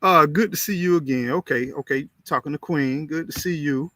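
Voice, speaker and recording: A man hosting a casual livestream, reading viewer comments aloud and repeating phrases in an animated, preachy way. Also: on the high side, moderate pace, dry recording. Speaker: livestream host.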